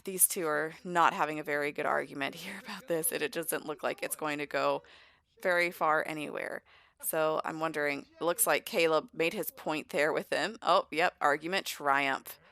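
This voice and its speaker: Lower-voiced woman, chatty let's play host narrating her game. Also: steady tone, normal speed, gravelly, a bit bright. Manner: chatty, storytelling. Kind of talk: casual game commentary.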